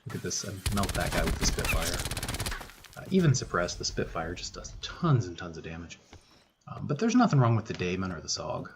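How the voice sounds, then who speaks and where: Low-voiced male gaming creator, laid-back voice-over commentary, faint hiss behind. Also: brisk. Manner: relaxed, thinking aloud with frequent "uh" and restarts. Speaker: gaming YouTuber. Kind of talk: gameplay commentary.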